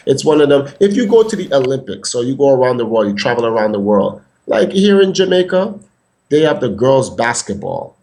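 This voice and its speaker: A man's voice: mid-range voice, a little mellow. A man hosting a podcast in a casual, emphatic, profane rant that rambles from point to point. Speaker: podcast host.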